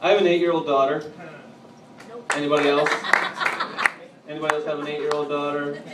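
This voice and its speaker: A man doing a stand-up comedy routine on a club stage, telling edgy jokes and bantering with the crowd, at times getting loud. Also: on the high side, little pitch movement, brisk. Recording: echoey, distant, noisy live room.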